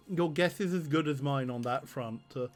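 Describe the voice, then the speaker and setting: A man's voice: on the high side, moderate pace, soft background music. A man streaming a text adventure game, reading the options aloud and laughing often.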